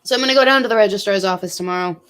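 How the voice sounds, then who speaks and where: A woman's voice: mid-range voice, racing, a bit bright, clear, resonant tone. A woman in her twenties, a college student vlogger, talking emotionally and swearing often while drinking. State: drinking, tipsy. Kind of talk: casual vlog chat.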